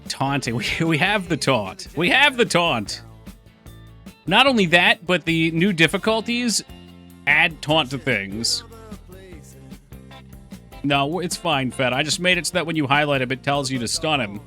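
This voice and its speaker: A man's voice: fairly high pitch, very animated, unhurried, pauses often, sharp tone. A man chatting casually on a live stream while working on his game, thinking aloud and answering chat. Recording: faint music behind voice.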